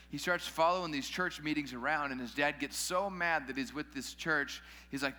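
At a moderate pace with hardly any pauses, a man with a slightly high, bright and forceful voice preaches a relaxed, conversational sermon. He throws joking asides to his congregation, and his words echo through a large church hall with long reverb.

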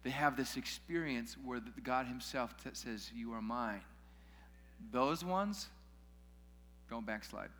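A man's voice: medium pitch, lively intonation, measured pace, fairly bright tone. A man preaching a sermon in a casual way, with joking asides to his listeners. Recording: long hall reverb.

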